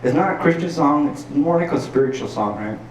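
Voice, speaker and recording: A man's voice: fairly high pitch, lively intonation, a little fast, darkish tone, slight background noise. A man from El Paso, Texas, telling an earnest personal story on a stage as a stand-up comedian, full of filler words. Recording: roomy sound from a distance.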